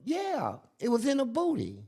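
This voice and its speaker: A man's voice: extremely high pitch, normal speed, gravelly, husky. An older man telling a story in casual chat, acting out the people he quotes. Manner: animated, acts out quotes in different voices. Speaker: guest.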